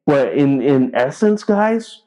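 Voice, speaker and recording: A man's voice: medium pitch, sing-song, slow pace, warm tone, rough recording. A man delivering a political commentary monologue, blunt and profane, repeating himself as he rallies his viewers.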